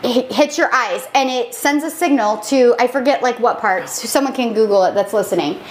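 A woman's voice: a little high, moderate pace, a little hiss or hum. A woman co-hosting a podcast, earnestly explaining her views in casual chat. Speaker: podcast co-host. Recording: roomy echo.

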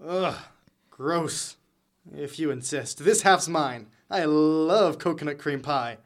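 A man's voice: fairly high pitch, takes it slowly. A young man acting a teasing, offhand frat brother in a college audio drama.

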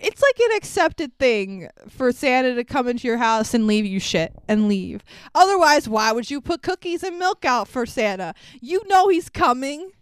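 Woman co-host, high clear voice, close and dry, laughs often, swears casually. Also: normal speed, hardly any pauses, dry recording. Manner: laughs often, swears freely, animated retelling. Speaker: podcast co-host. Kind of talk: casual chat recapping a film.

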